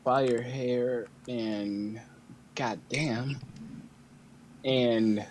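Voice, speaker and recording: A man's voice: mid-range voice, fairly even intonation, very slow, noisy background. A man playing a tabletop game, joking in character in a drawling way. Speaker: tabletop player. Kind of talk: casual in-character tabletop role-play.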